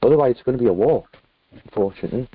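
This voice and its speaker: A man's voice: medium pitch, rapid-fire, husky, dry recording. A British man from the UK, a guest talking in a casual video-call chat, earnest and rambling with many fillers. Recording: tinny phone-like dry call audio.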